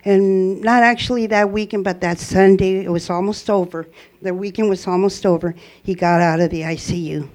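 A woman tells her testimony to a congregation in a soft, mellow voice. She speaks earnestly and circles back on herself, often restarting her sentences. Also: medium pitch, steady tone, moderate pace. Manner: earnest, rambling, with frequent restarts. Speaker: church member giving a testimony.

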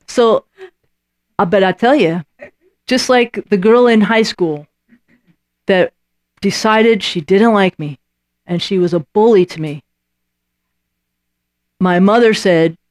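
Woman, preacher, sermon, animated storytelling, acts out voices, mid pitch, dry close sound. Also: slow, pauses often, no echo. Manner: conversational preaching with repeated "Right?" asides.

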